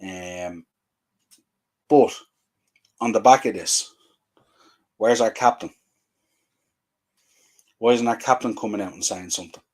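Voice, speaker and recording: A man's voice: lowish voice, takes it slowly, pauses often, a little mellow. A man, hosting a fan show and ranting in frustration with repeated rhetorical questions. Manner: exasperated, repetitive rhetorical questions. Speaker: fan podcast host.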